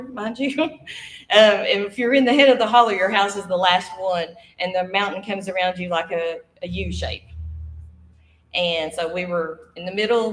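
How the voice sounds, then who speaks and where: A woman, telling a ghost story live to an audience, acting out the voices and laughing often. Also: on the low side. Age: 50s. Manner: lively, acts out quoted voices, laughs often. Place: studio stage before an audience. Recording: echoey room.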